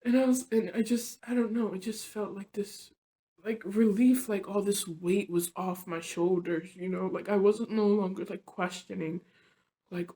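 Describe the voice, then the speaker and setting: A woman vlogger tells a personal story on her vlog, rambling and confessional, filling her talk with "like" and "you know" and often sinking soft and low. Her tone is steady and her pace moderate.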